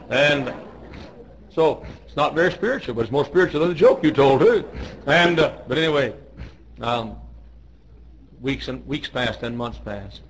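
Gravelly folksy preacher man. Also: mid-range voice, rough recording. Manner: folksy, joking anecdotes with quotes in raised voice. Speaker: pastor. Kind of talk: radio devotional storytelling.

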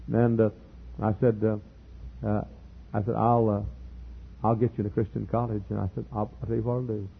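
A middle-aged male pastor telling a story in a sermon, earnest, repeating words and building to loud emphatic peaks. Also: lowish voice, vocal fry, slightly rough. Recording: tinny lo-fi sermon tape.

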